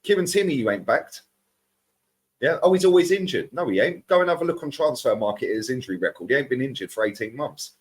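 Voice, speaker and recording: A man ranting as a football fan pundit, animated and mocking other fans. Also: medium pitch, fast, few pauses. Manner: animated, mocks other fans in put-on voices. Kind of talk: heated fan rant.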